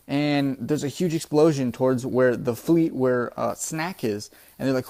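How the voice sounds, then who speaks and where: A man's voice: medium pitch, a little slow, darkish tone. A man hosting his own casual review show, talking loosely and rambling through his thoughts. He swears freely, peppers his talk with "bro" and "dude", and often restarts mid-sentence. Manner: profane, laid-back, says "bro" and "dude" a lot; rambling, many restarts and fillers. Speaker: manga reviewer, channel host.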